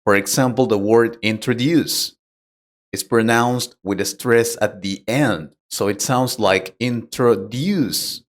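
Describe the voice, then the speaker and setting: This English teacher, a man with a lowish voice and steady tone, takes an unhurried approach to a pronunciation lesson. He lays things out plainly and patiently while questioning the learner directly.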